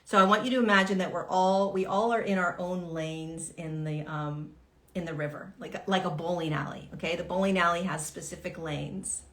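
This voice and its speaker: A woman's voice: fairly low pitch, steady tone, moderate pace, a bit bright. A woman teaching on a livestream in a casual, earnest way. She swears freely and acts out the voices of the people in her examples. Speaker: spiritual teacher hosting a livestream.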